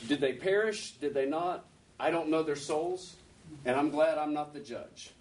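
A man's voice: fairly high pitch, unhurried. Male preacher, chatty sermon, rhetorical questions, faint noise behind him. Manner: conversational, asks rhetorical questions. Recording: distant mic with faint background noise.

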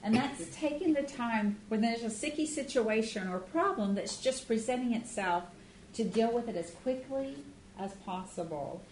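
A woman's voice: fairly high pitch, lively intonation, moderate pace, a little mellow. Woman co-teaching a marriage class, earnest and plain-spoken, echoey room with faint room noise. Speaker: marriage workshop co-leader. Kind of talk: casual class talk.

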